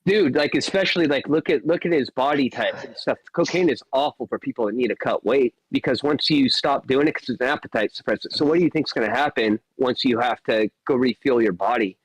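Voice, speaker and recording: A man's voice: medium pitch, fairly quick, hardly any pauses, slightly rough, no room sound, rough recording. Male podcast co-host, emphatic and lecturing, dead-dry sound. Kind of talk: casual chat.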